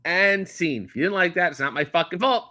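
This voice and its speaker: A man hosting a comedy stream, reading viewer comments aloud and answering them with sardonic, deadpan asides. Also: high voice, brisk. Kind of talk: comedic live-stream chat.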